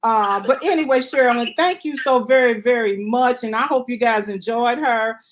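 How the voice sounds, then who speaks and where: Woman host, chatty, keeps saying okay, kinda high voice. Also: normal speed, slight background noise. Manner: chatty, animated, repeats "okay?" often. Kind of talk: casual livestream chat.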